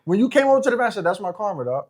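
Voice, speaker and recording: Young male podcast guest, high pitched, animated delivery. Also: very fast. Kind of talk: casual chat.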